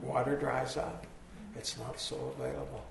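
A hoarse man giving a slow, reflective dharma talk to a group, pausing as he thinks. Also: medium pitch, over a noisy crowd. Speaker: meditation teacher. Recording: echoey hall from far off, faint noise.

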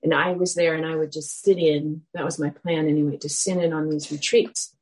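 A woman giving a dharma talk, telling a personal story in a reflective, animated way. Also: low-pitched, brisk, rough recording.

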